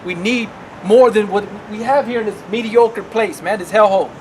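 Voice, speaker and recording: Street preacher guy, high-ish voice, keeps saying man and right, traffic noise all around. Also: moderate pace, low-quality recording. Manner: emphatic, repetitive, often adds "man" and "right". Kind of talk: preaching a sermon.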